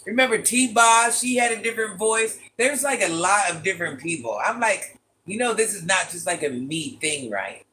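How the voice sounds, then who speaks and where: A woman with a deep voice hosting a livestream, chatting casually and playfully teasing as she reads viewer comments. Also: animated, normal speed, pushed and bright, a little hiss or hum. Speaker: livestream host.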